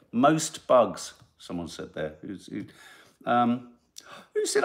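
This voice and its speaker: A middle-aged man hosting a podcast, reading out listener comments and telling rambling, animated stories. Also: mid-range voice, moderate pace. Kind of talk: casual chat.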